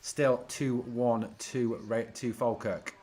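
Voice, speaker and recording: Chatty fan calling a live match. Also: male voice, medium pitch, slow. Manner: chatty, reads out viewer comments, excitable on attacks. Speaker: fan watch-along host. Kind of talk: casual live match commentary.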